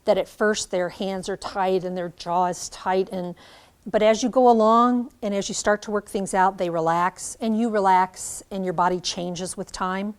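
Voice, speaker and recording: A middle-aged woman giving a classroom lecture to student teachers, animated, acting out examples as she speaks. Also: mid-range voice, normal speed, clean tone. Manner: animated, demonstrates by acting out lines. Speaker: teacher educator.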